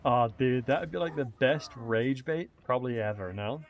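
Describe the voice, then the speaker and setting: A man's voice: medium pitch, expressive, moderate pace, vocal fry, dull audio, slight background noise. A young man, chatting upbeat with his viewers while commentating a game stream. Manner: chatty, upbeat banter with chat. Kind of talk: casual live-stream commentary.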